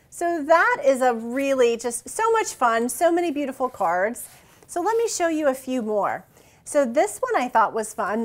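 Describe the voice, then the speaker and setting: A woman hosting a card-making channel, gushing and showering thanks as she shows handmade cards in a casual show-and-tell. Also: fairly high pitch. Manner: gushing, warm thanks, frequent "so cute" exclamations.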